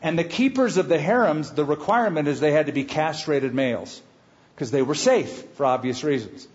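A man's voice: on the high side, a little mellow. Lo-fi recorded male pastor preaching. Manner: expository preaching, reads scripture slowly and emphatically; conversational asides to the congregation. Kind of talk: sermon.

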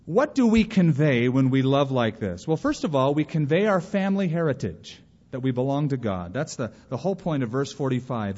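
A male pastor preaching a sermon, animated, acting out quotes with sudden bursts of energy. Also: mid-range voice. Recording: muffled recording in a reverberant hall.

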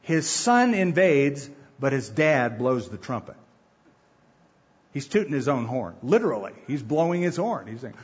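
Husky-voiced male preacher teaching scripture. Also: on the high side, highs cut off. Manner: emphatic, lists points, acts out quotes. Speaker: pastor. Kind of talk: sermon, Bible teaching.

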